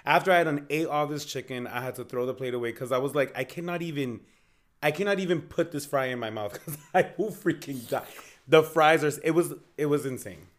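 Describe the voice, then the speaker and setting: With a brisk, slightly high voice, a man in his thirties co-hosts a podcast. His casual chat is full of animated storytelling, jokes and swearing.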